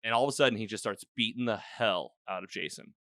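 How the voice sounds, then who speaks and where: A quick-talking podcast host with a lowish, slightly bright voice records on his own microphone, giving a dry, studio-grade sound. He recaps the episode casually and ramblingly, peppering it with "like" and voicing the characters.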